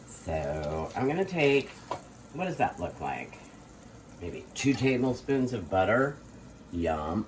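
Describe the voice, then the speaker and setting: Very low-voiced playful woman cooking host. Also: sing-song, a little slow, a little mellow, a little hiss or hum. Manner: playful, theatrical, self-mocking boasts. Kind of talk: casual cooking demonstration. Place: home kitchen.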